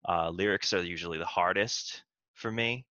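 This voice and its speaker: A man, a musician, being interviewed over a video call, speaking in a measured, soft-spoken way. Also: deep voice, dry recording, dull audio. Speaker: musician guest. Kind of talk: casual interview.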